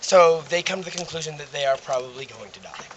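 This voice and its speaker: A man's voice: a little high, fast talker. Guy telling a joke to friends, chatty, hissy clicky recording. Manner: chatty, checks in with listeners. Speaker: joke teller. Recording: noisy amateur recording with clicks.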